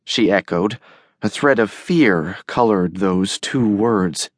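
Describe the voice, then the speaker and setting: A man narrating an audiobook in a measured, even storytelling manner on a close studio mic. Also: on the low side, dry recording. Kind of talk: scripted narration.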